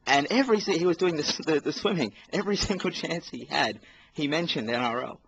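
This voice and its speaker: A man's voice: fairly high pitch, expressive, quick pace, gravelly, fairly bright tone, husky. An Australian man co-hosting a casual sports podcast, ranting in an exasperated, rambling way. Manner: ranting, exasperated, talks over others. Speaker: podcast co-host. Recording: faint background noise.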